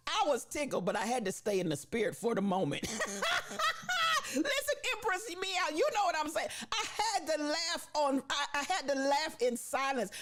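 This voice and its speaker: A woman hosting a live stream in a high, lively voice that swoops up and down. She laughs often, repeats phrases for emphasis and calls her viewers baby and sister as she gives them shout-outs.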